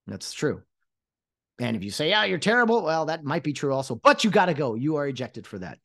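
He's a podcast host in his late thirties who once worked as an umpire, and here he vents his exasperation alone at the mic, often beginning sentences again. The pitch is medium, the delivery very animated and brisk.

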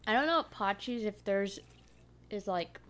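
A woman's voice: medium pitch, lively intonation, moderate pace, fairly bright tone. A woman co-hosting a casual podcast chat, teasing with dry quips and giggling. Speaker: podcast co-host.

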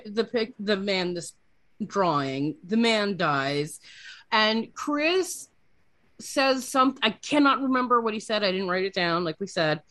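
A woman co-hosting a podcast in casual chat, animated and profane with quick asides. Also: fairly high pitch, no room sound. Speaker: podcast co-host.

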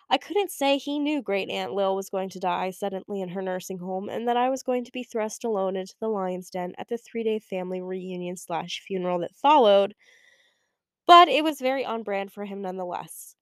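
A young woman narrating a first-person audiobook with a wry, expressive way of telling the story. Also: medium pitch, dry recording, clean studio sound. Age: young adult. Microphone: close studio mic.

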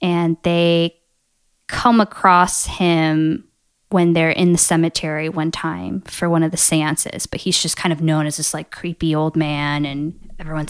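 A woman co-host chats about a movie, easygoing and quick to laugh. Her voice is smooth and on the low side. She drifts and pauses as she remembers details. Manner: chatty, laughs often, pauses with um. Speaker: podcast co-host. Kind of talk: casual movie-review chat.

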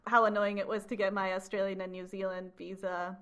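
A woman's voice: mid-range voice, flat delivery, fairly bright tone, clear, resonant tone, dull audio. A woman co-hosting a travel podcast, chatting casually and laughing often. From Peru. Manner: laughs often, quick reactions. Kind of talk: casual chat.

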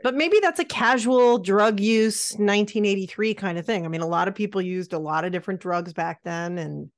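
A woman's voice: mid-range voice, fairly quick, no room sound, studio quality. A woman co-hosting a podcast, chatting casually and sarcastically about an old film. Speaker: podcast co-host.

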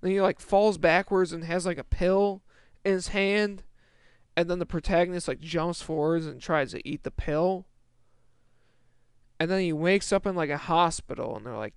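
A young man with a high, smooth voice rants about a film in casual speech. He swears often and trips over restarts as he rambles. The sound is dry and close. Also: lively intonation, moderate pace, dry recording. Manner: exasperated, profane, rambling with many restarts. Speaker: movie reviewer. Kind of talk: casual rant.

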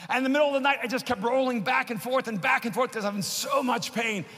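A man preaching a sermon and telling a personal story, growing impassioned and building to shouts. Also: very high voice, fast talker, husky. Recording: long hall reverb.

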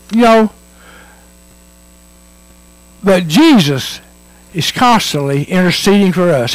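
A man's voice: high-pitched, no room sound, low-quality recording. A man preaching a sermon in a church, earnest and emphatic, repeating his points and telling stories.

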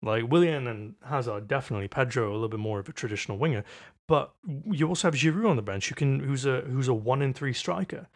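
Casting: British male co-host, quick and argumentative, casual podcast talk. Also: mid-range voice, expressive. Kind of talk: casual sports podcast chat.

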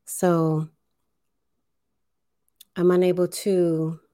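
Slow, low-voiced woman livestream host. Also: level tone, warm tone, no room sound, clean studio sound. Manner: deliberate, enunciating, leads breathing exercises. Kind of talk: slow spiritual livestream talk.

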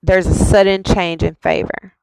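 A woman's voice: on the low side, level tone, normal speed, creaky, noisy background. A woman giving an intuitive spiritual reading in a reassuring way, repeating her phrases insistently. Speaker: spiritual reader.

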